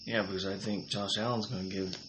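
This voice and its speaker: A man's voice: fairly low pitch, level tone, a little fast. A man co-hosting a casual sports rankings chat, plain-spoken, answering in short agreements and firm opinions. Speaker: co-host, the father. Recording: clear background noise.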